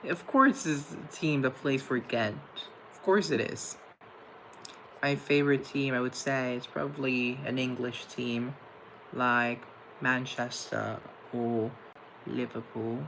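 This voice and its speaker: A man's voice: mid-range voice, fairly even intonation, takes it slowly, gravelly, a bit bright, slight background noise, poor audio. A young man hosting a live stream, casually chatting with viewers and answering their comments in a playful, campy way. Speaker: livestream host.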